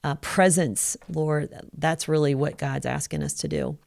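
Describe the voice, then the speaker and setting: Middle-aged woman, low voice, encouraging podcast co-host, teaches through examples. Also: steady tone, unhurried, creaky, a little mellow. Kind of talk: casual parenting podcast chat.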